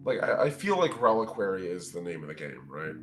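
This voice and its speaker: Rambling low-voiced man brainstorming. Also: very animated, a little fast. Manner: loose, rambling, lots of "like". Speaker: worldbuilding stream host. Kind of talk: casual brainstorming chat. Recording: faint music underneath.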